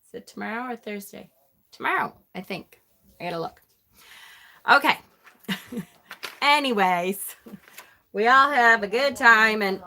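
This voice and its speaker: A woman's voice: on the high side, sharp tone. A middle-aged woman hosting a live tarot stream, chatting casually with an exasperated, laughing manner.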